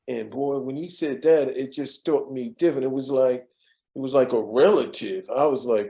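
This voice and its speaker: A man's voice: medium pitch, normal speed, dark tone, low-quality recording. A man telling stories from his years as a studio assistant in an interview, rambling with frequent fillers and restarts. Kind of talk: storytelling interview.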